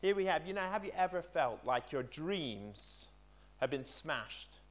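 A middle-aged man preaching a conversational sermon, pausing on fillers and reading scripture aloud. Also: on the high side, sing-song.

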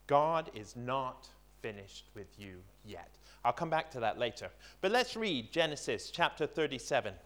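Man preaching a relaxed, halting sermon. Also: a little high. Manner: conversational, halting with fillers, reading scripture aloud.

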